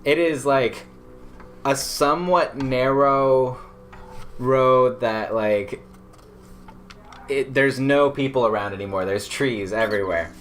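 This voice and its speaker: A man's voice: medium pitch, slow pace, pauses often, fairly bright tone, slight background noise. A young man casually telling a personal story, rambling with lots of fillers and laughing as he goes. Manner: rambling, filler-heavy, laughs through the tale.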